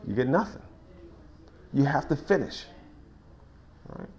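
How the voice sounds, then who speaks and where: A man's voice: mid-range voice, unhurried, lo-fi sound. A man leading an informal verse-by-verse Bible study in a small cafe, folksy and conversational, with frequent restarts and you-knows. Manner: informal, folksy, builds to excited sports stories.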